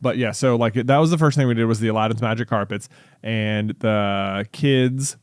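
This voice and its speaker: A man's voice: on the low side, moderate pace, clean tone, no echo. A man in his thirties co-hosting a podcast, telling stories in an easygoing casual way with fillers. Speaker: podcast co-host. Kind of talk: casual chat.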